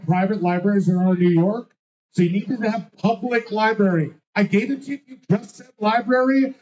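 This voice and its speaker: A man's voice: high voice, a little mellow. A man hosting a live trivia night, reading out answers with a teasing, sarcastic manner. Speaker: trivia host. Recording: dull lo-fi sound.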